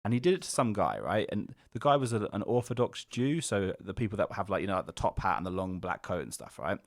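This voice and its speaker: A man co-hosting a casual podcast, rambling through an animated retelling full of fillers and swearing. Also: fairly low pitch, fast talker, no echo, studio quality. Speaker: podcast co-host. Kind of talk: casual chat.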